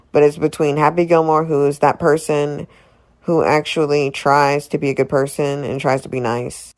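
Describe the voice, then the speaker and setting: A low-pitched woman talks through a film she loves in a loose, opinionated recap. Her speech is chatty and full of fillers like "like" and "literally." She sounds casual and unscripted. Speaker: movie reviewer.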